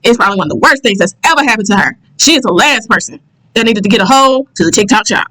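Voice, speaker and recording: A woman's voice: on the high side, lively intonation, fast talker, sharp tone, rough recording. A woman from the American South with a Southern accent, giving blunt, sassy reaction commentary as the host of her channel. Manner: blunt, sassy, repeats herself for emphasis.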